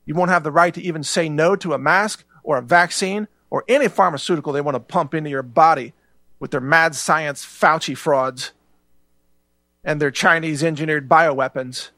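A man's voice: fairly high pitch, normal speed, bright, forceful tone, no echo. Ranting man, heated talk. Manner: heated, ranting, repeats words. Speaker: show host. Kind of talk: political commentary monologue.

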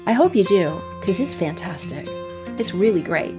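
A woman giving a casual devotional talk as host, earnest, often dropping to soft whispers as she acts out pain. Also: lowish voice, sing-song, normal speed, over music.

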